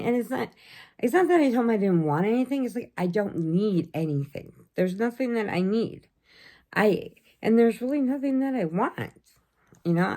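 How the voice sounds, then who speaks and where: A woman's voice: mid-range voice, dark tone. A middle-aged woman chatting casually in a vlog, telling stories, laughing often and acting out what people said. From United States. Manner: chatty storyteller, laughs often, acts out quotes. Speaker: vlogger. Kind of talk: casual chat.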